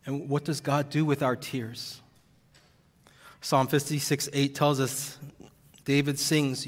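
Speaking slowly and flatly at a medium pitch, with frequent pauses, a male pastor gives an earnest, heavy-hearted sermon. Emotion breaks through audibly at times, and a large hall's long reverb surrounds him.

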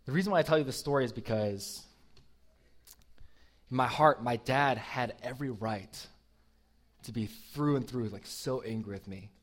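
A man's voice: medium pitch, normal speed, pauses often. A young adult man, a pastor, telling a personal story in a sermon in a casual, self-deprecating way, with frequent laughs and fillers.

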